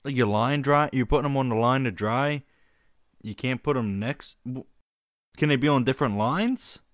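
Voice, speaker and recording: A man's voice: medium pitch, normal speed, dry recording, clean studio sound. A man co-hosting a casual comedic chat, laughing often and slipping into put-on regional voices.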